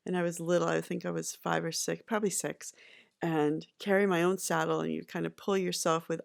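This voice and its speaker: A middle-aged woman from Massachusetts, being interviewed by her son and telling childhood stories in a soft, halting way with many fillers. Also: on the low side, vocal fry. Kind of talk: casual home interview, storytelling.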